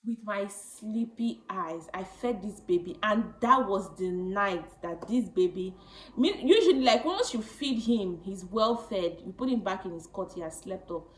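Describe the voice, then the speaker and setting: A woman in her late twenties telling a personal story to camera, chatty and animated, often laughing. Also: medium pitch, a little slow, echoey room, rough recording. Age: late 20s. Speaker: vlogger.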